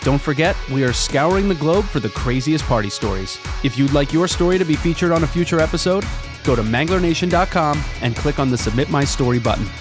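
A man's voice: on the high side, animated, a little fast. Upbeat male podcast host over guitar. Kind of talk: scripted podcast outro and ad read.

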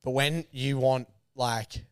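A young Australian man in his twenties, a guest on a podcast, telling rambling stories with quick laughs and loud shouted bits. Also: mid-range voice, steady tone, clear, resonant tone, no room sound, clean studio sound. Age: 20s. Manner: rambling, laughing mid-sentence, acts out his own shouts. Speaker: guest runner. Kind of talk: casual storytelling.

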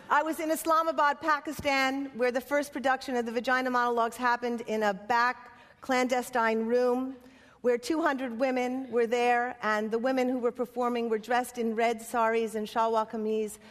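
A woman playwright and activist giving a conference speech in impassioned, rhythmic lists. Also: on the high side. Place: conference hall. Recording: long hall reverb.

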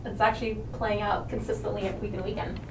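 A woman's voice: medium pitch, little pitch movement, quick pace, reverberant, distant mic, a little hiss or hum, low-quality recording. A woman hosting a podcast in casual chat, laughing often as she talks. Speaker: podcast host.

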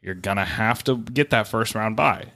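A man's voice: fairly low pitch, moderate pace, sharp tone. Emphatic man, sports talk. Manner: emphatic, swears, repeats for stress. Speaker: podcast co-host.

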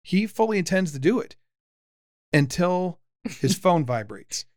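A man in his forties hosting a casual podcast chat with his son, lively and teasing, often restarting his sentences. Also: sits high, a little slow, no room sound, studio quality. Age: 40s. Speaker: podcast host, father.

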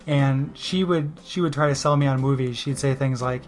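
A man's voice: mid-range voice, fairly even intonation, moderate pace. Rambling self-deprecating man. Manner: rambling, self-deprecating, heavy on "you know". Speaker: storyteller. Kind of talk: casual spoken monologue.

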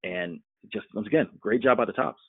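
A man from Florida talks football fast and chattily, with a lowish voice and plenty of "you know"s. His audio is thin and phone-like. The sound is dry, with no room around it. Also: breathy edge, no room sound. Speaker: podcast co-host. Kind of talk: casual sports podcast chat.

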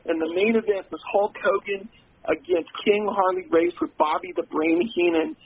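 A middle-aged man from California rambles through his stories on a call, his voice gravelly and husky. He talks in a fairly high register. The sound comes through a tinny phone line. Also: sing-song, normal speed. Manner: rambling storyteller. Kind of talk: casual chat.

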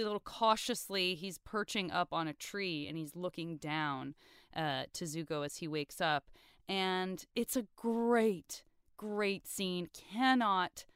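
A young woman co-host in casual chat, effusive and easily moved. Her voice is smooth and resonant, recorded dry with no room sound. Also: medium pitch, no echo. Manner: effusive, openly emotional. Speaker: podcast co-host.

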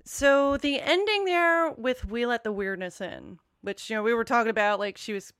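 A woman's voice: fairly high pitch, moderate pace, a bit bright, clean tone. A woman chatting casually on a music podcast, rambling with many restarts. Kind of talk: casual chat.

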